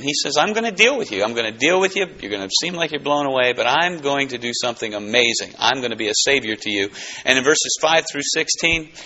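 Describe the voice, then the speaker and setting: A pastor teaching verse by verse from the Bible, going from emphatic to hushed. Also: male voice, medium pitch. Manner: animated, swings from emphatic to hushed. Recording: dull lo-fi recording.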